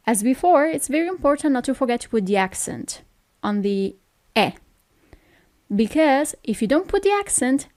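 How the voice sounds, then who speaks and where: A woman with an Italian accent, teaching phrases in a patient lesson, saying each one slowly and repeating it. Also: a little high, darkish tone, no echo, studio quality. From Italy.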